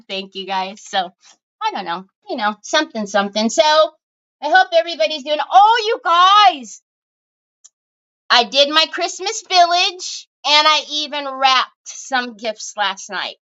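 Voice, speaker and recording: High, bright-voiced chatty woman livestreamer. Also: sing-song, slow, muffled recording. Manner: chatty, giggly, greets viewers by name. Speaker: craft livestream host. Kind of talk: casual livestream chat greeting viewers. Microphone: phone.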